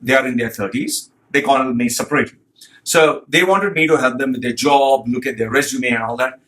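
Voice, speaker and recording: A man's voice: medium pitch, a little fast, a bit bright. Guy ranting on his vlog, blunt, swears a lot, resume consultant vibe.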